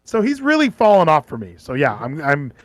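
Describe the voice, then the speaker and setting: A man's voice: on the high side, wildly swooping pitch, brisk, dry recording, clean studio sound. A man co-hosting a casual chat and giving blunt opinions. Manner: chatty, opinionated. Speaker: podcast co-host.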